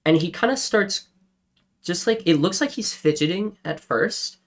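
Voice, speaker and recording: A man's voice: high voice, lively intonation, measured pace. A man narrating as game master for a tabletop role-playing game, describing scenes casually with frequent fillers.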